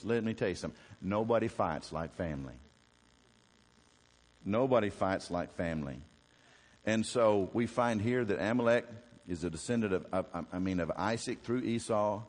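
A man preaching a sermon as a Baptist preacher, telling the story with animated questions to the congregation. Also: low-pitched, long reverb tail.

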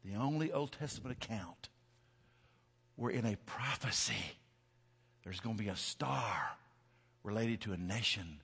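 A man preaching a sermon, storytelling with swings from hushed to loud, shouting peaks. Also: fairly low pitch, lively intonation, unhurried, gravelly, pauses often, husky, in a large hall.

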